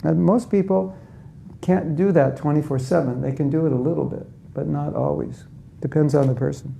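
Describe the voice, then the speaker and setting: A spiritual teacher gives a conversational talk to a live audience, frequently questioning them and acting out inner voices in quotes. His voice is fairly high, gravelly, and warm, at a normal pace, with a little hiss or hum in the background.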